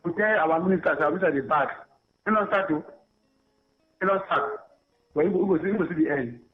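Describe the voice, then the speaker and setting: A man calling into a radio show with a Nigerian Pidgin accent, talking rapidly and repeating himself. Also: high voice, sing-song. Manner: rapid and repetitive. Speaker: caller. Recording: tinny phone line with music behind.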